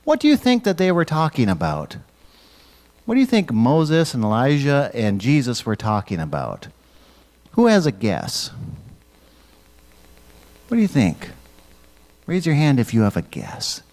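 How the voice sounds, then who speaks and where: A man leading a church children's message, gently asking the kids questions and waiting for their answers. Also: mid-range voice, wildly swooping pitch, unhurried, pauses often. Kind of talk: children's sermon.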